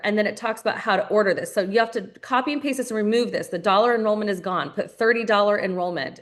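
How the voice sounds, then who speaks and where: A woman with a mid-range voice guides new team members through a live online training. Upbeat and to the point, she keeps saying "you guys" to her audience and echoes her own phrases for emphasis.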